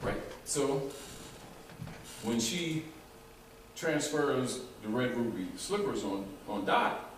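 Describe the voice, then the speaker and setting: A man's voice: medium pitch, takes it slowly. Man lecturing in an echoey room. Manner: animated, rambling, often laughs and restarts. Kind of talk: informal lecture to a small group. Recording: echoey room, mic far off, faint noise.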